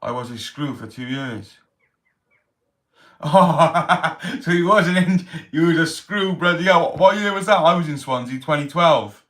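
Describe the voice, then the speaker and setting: A man's voice: fairly high pitch, expressive, a little slow, a bit bright. A man hosting a casual livestream, reading out chat comments and telling stories in street slang. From Wales. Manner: chatty, street slang, reads chat aloud. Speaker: livestream host.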